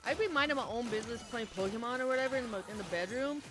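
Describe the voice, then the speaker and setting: A woman's voice: fairly high pitch, lively intonation, racing, over music. A young woman streamer chatting casually to her viewers, candid and rambling, often laughing and swearing. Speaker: game streamer.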